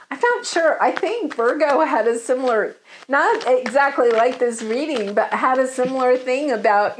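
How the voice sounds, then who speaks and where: A woman's voice: high-pitched, a little hiss or hum. A woman giving a casual tarot love reading, chatty and giggly, with many fillers. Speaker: tarot reader.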